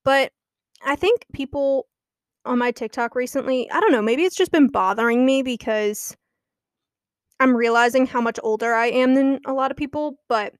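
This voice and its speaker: A young woman with a high voice hosts her own podcast, chatting and gossiping casually at a normal pace and laughing often as she talks. The recording is dry and studio quality.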